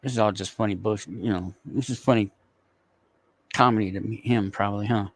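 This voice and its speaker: A man's voice: lowish voice, steady tone, a little fast, no room sound. A man streaming, reacting to news clips and chatting loosely with viewers, swearing and rambling. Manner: swearing, rambling, talking to chat by name. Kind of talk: casual live-stream commentary to chat.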